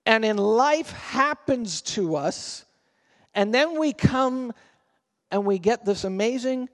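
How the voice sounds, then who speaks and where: A man with a fairly high voice preaches a sermon in a conversational way, often turning questions to his congregation. His voice rings through a church hall with a long reverb tail. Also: lively intonation, slow pace, a bit bright. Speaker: pastor. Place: church sanctuary.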